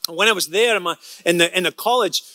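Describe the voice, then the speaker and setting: Bright-voiced man preaching a story sermon. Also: sits high, fast, no room sound. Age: adult, past college age. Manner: storytelling, repeats words when excited, acts out quotes.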